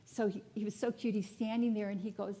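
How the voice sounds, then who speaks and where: A woman speaking from the pulpit as a spiritual director, with a voice of middling pitch. She shares her story in a candid, chatty way, slipping humor in as she goes. The talk is loose and personal rather than polished. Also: little pitch movement, a little fast, mellow. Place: church sanctuary before a congregation.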